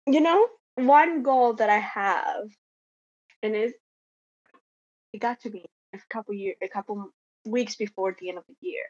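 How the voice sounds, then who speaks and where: Higher-pitched woman, relaxed podcast chat, some Spanish, dull lo-fi recording. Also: unhurried, long pauses. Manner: relaxed, giggly, mixes in Spanish. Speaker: podcast co-host. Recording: dry, dull lo-fi sound.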